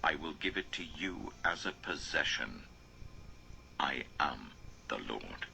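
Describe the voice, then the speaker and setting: An extremely deep, gravelly male voice reads scripture aloud slowly and solemnly, sometimes sinking to an almost whispered hush. His tone is bright and cutting despite the depth, and he rises and falls widely in pitch. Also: big pitch swings, a little hiss or hum, poor audio. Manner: slow solemn reading, drops to near whisper. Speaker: father reading aloud.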